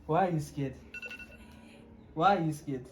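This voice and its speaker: On a couple's vlog, a South African man co-hosts with his partner, teasing her and laughing often in playful, casual chat. His voice sits on the high side and moves at a measured pace, with slight background noise.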